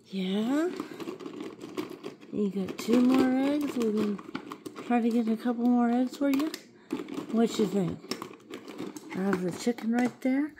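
A woman's voice: a little high, lively intonation, a little slow, pauses often, mellow, a little hiss or hum. A woman cooing at her pet rabbit in sing-song baby talk, gasping with delight as she shows it toy eggs at home.

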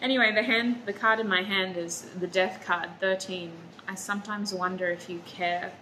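A woman's voice: medium pitch, fairly even intonation, normal speed, sharp tone, slight background noise, rough recording. A woman giving a casual tarot reading to her viewers, talking in a chatty, drowsy way and saying she is sleepy and foggy-headed. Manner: chatty, drowsy, talks to viewers as "you guys". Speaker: tarot reader.

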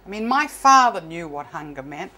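A woman's voice: fairly low pitch, very animated, moderate pace, pushed and bright. A woman telling stories in a one-woman comedy show on a theatre stage, wry and self-mocking. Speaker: solo stage performer.

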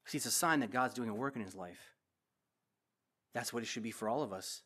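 A man's voice: medium pitch, fairly quick, sharp tone. A man preaching as a pastor, teaching verse by verse and asking the congregation direct questions.

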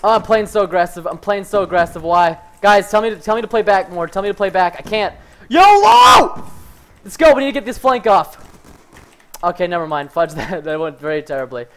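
A man giving live commentary over his own gameplay, excitable and prone to yelling, with "fudge" in place of swear words. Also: sits high, quick pace. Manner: excitable, yells when hyped, says "fudge" instead of swearing. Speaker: gaming streamer.

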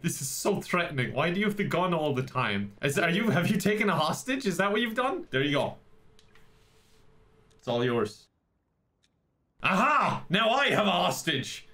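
A young man hosting a gaming video, giving playful let's-play commentary with a joking, teasing manner and quick apologies. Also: a little high, fairly bright tone.

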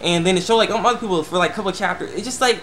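A young man with a notably high voice talks straight to his camera in a loose, rambling vlog. He stumbles and restarts often, then surges into excited bursts. A faint hum of room ambience sits under him. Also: rapid-fire. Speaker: vlogger. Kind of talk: casual opinion rant to camera.

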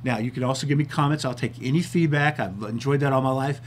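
A man's voice: fairly high pitch, fast, hardly any pauses, slight background noise. A man hosting his own TV talk show, chatting casually and a bit self-deprecatingly, sometimes out of breath. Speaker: TV show host.

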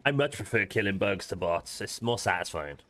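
A man's voice: on the low side, expressive, a little fast, a bit bright, a little hiss or hum. A man hosting a co-op game stream, chatting casually with friends, joking and swearing freely. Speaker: streamer host. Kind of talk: casual co-op gaming chat.

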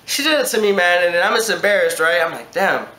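A young man casually telling a story from his first job, animated, swearing freely and laughing as he goes. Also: high voice, quick pace. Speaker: storyteller, co-host. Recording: roomy echo.

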